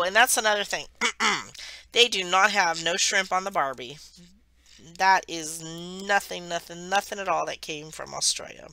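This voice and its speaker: A woman's voice: lowish voice, pushed and bright. A woman from the United States, hosting a craft channel and rambling chattily through a travel story while she works. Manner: rambling, chatty, self-correcting.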